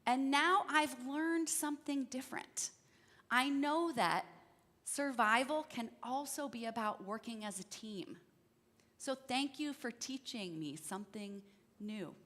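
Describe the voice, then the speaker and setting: A hushed, apologetic scorpion from a told fable, voiced by a woman. The voice is high and bright, the pace slow. A long church-hall reverb trails each word. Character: pleading scorpion that can't help stinging. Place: church sanctuary.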